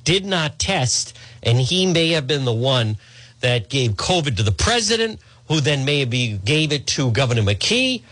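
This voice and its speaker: A man hosting a talk radio show, delivering a sardonic, mocking monologue and often clearing his throat. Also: mid-range voice, big pitch swings, measured pace, a bit bright, no echo.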